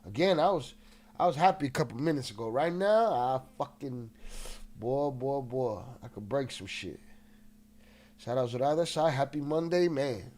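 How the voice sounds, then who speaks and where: A man's voice: mid-range voice, animated, normal speed, a little mellow. A man hosting a casual livestream, restless and agitated, swearing often and greeting chat members, with a slightly nasal voice. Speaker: livestream host.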